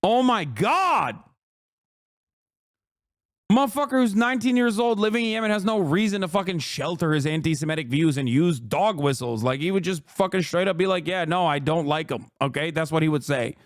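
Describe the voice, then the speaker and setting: Male streamer, heated profane ranter, higher-pitched voice, dry close sound. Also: a little fast, no echo. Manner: profane, heated ranting with sarcastic mockery. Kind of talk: live stream commentary.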